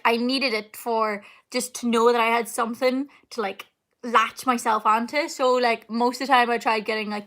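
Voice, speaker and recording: Young woman, bright voice, slightly high, rambling live-stream chat with fillers. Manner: chatty, rambling, laughs often, many fillers. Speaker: singer hosting a live Q&A. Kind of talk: casual live-stream chat answering comments. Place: home, indoors.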